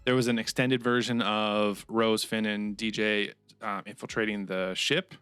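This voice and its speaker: A man's voice: on the low side, level tone, unhurried, fairly bright tone, clear, resonant tone, dry recording, faint music behind. Profane, opinionated male podcast co-host. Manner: profane, opinionated, swears casually. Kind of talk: casual comedic chat, reading live chat questions.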